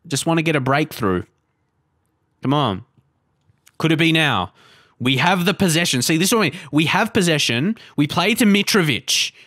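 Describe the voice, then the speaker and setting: Young guy playing a football manager game live, talks it through, gets annoyed and yells, dry close sound. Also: a little high, no room sound. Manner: frustrated, swears, outbursts at the game. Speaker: gaming channel host. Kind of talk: live let's play commentary.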